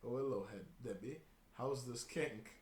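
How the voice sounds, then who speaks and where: A man's voice: medium pitch, a little slow, a little mellow, lightly acted. A man voicing a haughty older woman politician with a drawling mock Southern put-on. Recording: roomy room with faint hiss.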